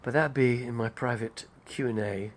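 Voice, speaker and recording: A man's voice: medium pitch, steady tone, normal speed, a little hiss or hum. An older man, rambling casually on a live stream, chatty and digressive. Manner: chatty, digressive, name-dropping.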